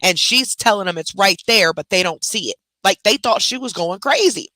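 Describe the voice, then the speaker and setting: A woman host telling a family story in a casual, animated chat, swearing freely as she goes. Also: mid-range voice, normal speed, no echo.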